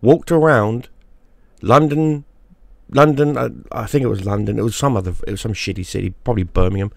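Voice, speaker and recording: A man's voice: on the low side, steady tone, fairly quick, creaky, no room sound. A man giving a crude, mocking rant straight to the camera, often repeating himself for emphasis. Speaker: YouTube gaming creator. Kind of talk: profane ranting monologue.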